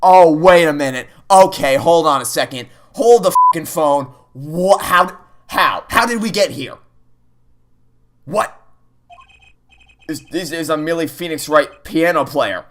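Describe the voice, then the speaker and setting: A man commentating a let's play, frantic and incredulous, stammering and cursing in loud outbursts. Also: on the high side, expressive, a little slow. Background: game music.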